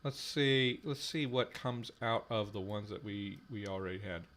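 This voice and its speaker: A man hosting a live stream on building a language, thinking aloud slowly with many fillers, repeating trial words over and over. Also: on the low side, fairly even intonation, a bit bright. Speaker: podcast host running a conlang stream.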